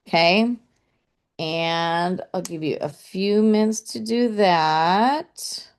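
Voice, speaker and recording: A woman teaching a casual online poetry lesson, chatty and thinking aloud, saying "okay" often and tapping out syllables and stresses. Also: medium pitch.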